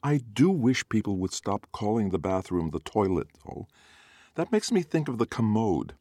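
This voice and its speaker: A man's voice: on the low side, very animated, normal speed, dark tone, no room sound, studio quality, voice pushed up. A man voicing a fanciful young Greek-American woman with an earnest, polite manner, in a storybook reading.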